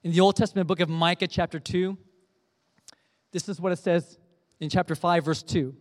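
Man, pastor, earnest storytelling sermon, slightly high voice, long hall reverb. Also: fairly even intonation, normal speed.

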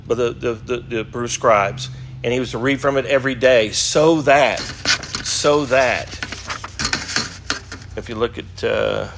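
A man teaching an adult Bible class at a moderate, middle pitch. He reads scripture passages aloud and keeps turning to the class with questions. He sounds middle-aged. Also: steady tone, brisk, creaky, background noise. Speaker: Sunday school teacher.

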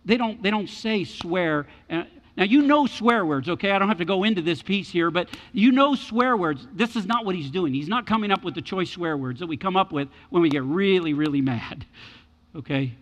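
A man preaching a sermon as pastor, animated and repeating his key words for emphasis. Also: sits high, moderate pace, long reverb tail.

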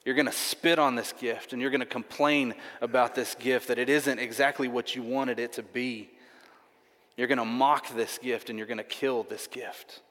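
A man voicing God, speaking softly and half-whispered in a reverberant hall. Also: mid-range voice, fairly even intonation, moderate pace, close to an everyday voice. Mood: stern. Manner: soft, hushed, half-whispered. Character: God speaking gently to believers. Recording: long reverb of a large hall.

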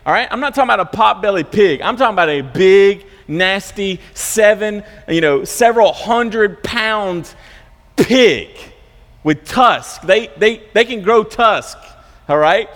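A man's voice: high-pitched, a bit bright, in a large hall. A man preaching a sermon as a pastor, telling a story in a loose, conversational way and often restarting and repeating words.

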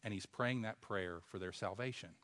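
A man preaching a sermon, asking rhetorical questions and swinging from a hush to loud emphasis. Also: fairly low pitch, normal speed.

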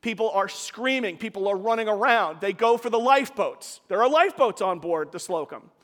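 A man's voice: high voice, lively intonation, fairly quick, fairly bright tone, big-room sound. A man preaching a sermon, telling a story in a conversational way with casual asides to the congregation.

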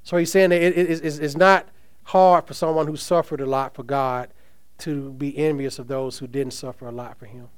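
A man's voice: a little high, steady tone, normal speed, clean tone. A man preaching a sermon, reading scripture aloud and asking the congregation questions with emphasis. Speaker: pastor.

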